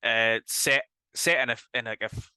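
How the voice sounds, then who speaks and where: A man's voice: medium pitch, moderate pace, bright, forceful tone, clear, resonant tone, no room sound. A Northern Irish man co-hosting a podcast, casually recapping plots and swearing offhandedly. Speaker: podcast co-host. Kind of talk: casual chat.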